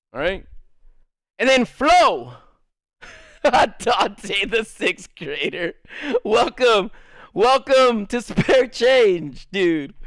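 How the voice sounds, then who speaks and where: High-voiced man telling a rambling story. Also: a bit bright, no echo. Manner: rambling, profane, laughs often. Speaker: streamer. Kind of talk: casual storytelling.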